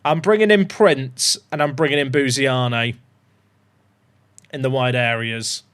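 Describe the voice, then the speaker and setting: A young man chatting through a football management game, joking and bursting into excited shouts. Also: medium pitch, measured pace, clear, resonant tone. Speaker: gaming YouTuber.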